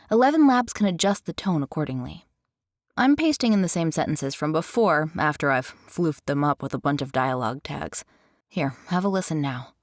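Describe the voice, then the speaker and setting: A woman's voice: sits low, expressive, normal speed, no echo, clean studio sound. A woman hosting a voiceover tutorial in an upbeat, chatty scripted narration with playful asides. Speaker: tutorial host.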